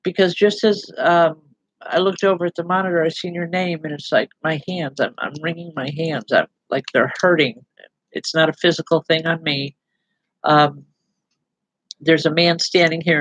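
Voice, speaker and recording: A woman giving live spiritual readings as a medium, speaking haltingly with repeated words and a gently reassuring manner. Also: low voice, steady tone, slightly rough, no echo, poor audio. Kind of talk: live online psychic readings.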